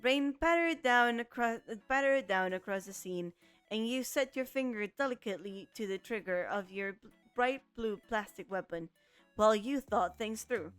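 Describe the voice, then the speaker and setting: A woman's voice: fairly high pitch, normal speed, a bit bright, clean tone, no room sound, soft background music. Woman reading a visual novel aloud. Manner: reads with frequent stumbles and restarts. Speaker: let's play streamer.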